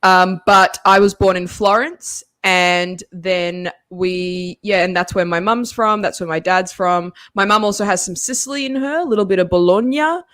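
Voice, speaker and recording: A woman's voice: medium pitch, moderate pace, hardly any pauses, a bit bright, no echo. An Italian-born woman, an Italian speaker, chatting as a guest with a laugh in her talk. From Italy, raised in Australia. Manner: chatty, laughs often, self-mocking. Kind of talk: casual chat.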